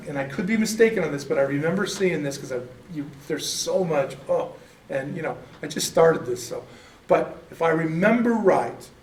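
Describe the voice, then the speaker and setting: An American man teaching an informal church class, rambling and correcting himself in a folksy way. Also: a little high. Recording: echoey room, mic at a distance.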